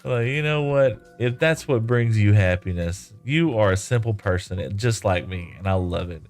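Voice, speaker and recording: A man with a fairly low voice streams a game live, rambling casually between tasks and reading out viewer comments. He is relaxed and laughs easily. Faint music plays softly behind him. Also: moderate pace. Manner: rambling and easygoing, laughs often.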